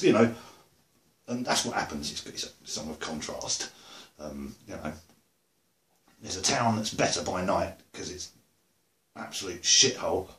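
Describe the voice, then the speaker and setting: A man's voice: low-pitched, fairly bright tone. An English man chatting casually to camera about beer and music, rambling with dry humor. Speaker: video blogger. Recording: roomy echo.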